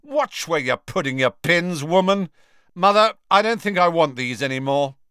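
A man's voice: a little high, expressive, moderate pace, pushed and bright, smooth, no room sound, pitched above the performer's own voice. A man voicing a spoiled, arrogant teenage boy who sneers and complains, in a dry recording. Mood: sneering. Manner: sneering, petulant.

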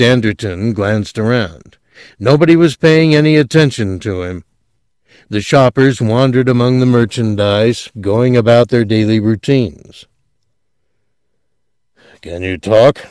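A man giving a measured, deliberate scripted narration of a story. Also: medium pitch, darkish tone, dry recording, clean studio sound. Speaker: audiobook narrator.

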